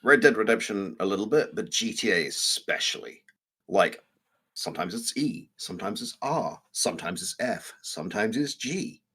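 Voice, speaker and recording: A man's voice: on the low side, moderate pace, husky. A man co-hosting a live stream, chatting casually about video games and telling amused stories. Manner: storytelling, animated and amused. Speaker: co-host.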